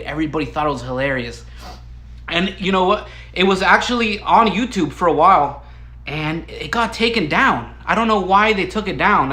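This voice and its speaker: High bright-voiced guy rambling through a story, keeps tripping over his words, coughs now and then, echoey room. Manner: rambling, excitable, stumbles and restarts. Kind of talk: casual storytelling monologue.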